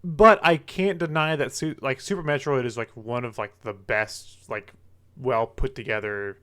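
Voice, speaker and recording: A man co-hosting a gaming podcast, talking enthusiastically in halting bursts full of "like". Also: medium pitch, sharp tone. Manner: enthusiastic, halting, heavy use of "like". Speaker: podcast co-host. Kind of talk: casual gaming podcast chat.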